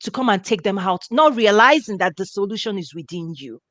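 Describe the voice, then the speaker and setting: A woman's voice: medium pitch, no room sound. Emphatic woman hosting an interview. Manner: emphatic, lively, drawn-out exclamations. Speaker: interview host. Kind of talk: conversational interview.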